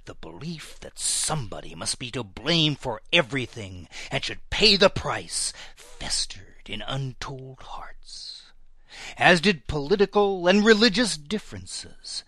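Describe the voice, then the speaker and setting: A man's voice: fairly high pitch, fairly bright tone, dry recording. A man giving a dramatic scripted narration in a theatrical manner, often dropping to a whisper.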